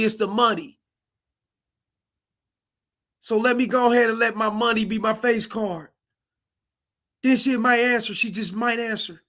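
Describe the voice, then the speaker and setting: A man's voice: sits high, bright, forceful tone. A man giving casual reaction commentary, profane and exclamatory, talking to viewers as fellas.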